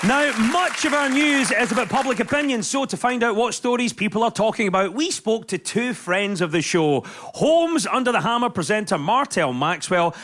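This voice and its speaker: A man hosting a comedy news quiz, brisk and bantering with the panel. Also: very high voice, expressive, a bit bright, some chatter behind. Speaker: quiz show host.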